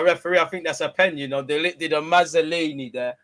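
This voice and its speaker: A young man giving casual, slangy live football commentary, swinging between excited outbursts and low mutters. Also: quick pace. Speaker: watch-along streamer.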